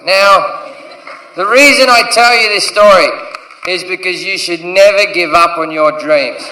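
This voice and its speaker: A man's voice: high-pitched, a little slow, bright, forceful tone. A man in his thirties with an Australian accent, doing a crude stand-up routine on a theatre stage and acting out the voices in his story. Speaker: stand-up comedian. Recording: echoey theatre from a distance.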